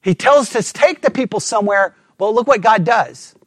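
A man delivering a sermon with emphasis, putting rhetorical questions to his listeners and sometimes dropping to a hushed, low delivery. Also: expressive, moderate pace, dry recording. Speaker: preacher.

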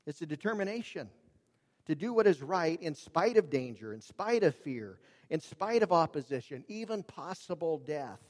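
A man preaching a sermon, earnest and emphatic, dropping his voice low and raising it for emphasis. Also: big pitch swings, moderate pace. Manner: earnest, emphatic, varies volume for drama. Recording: long reverb of a large hall.

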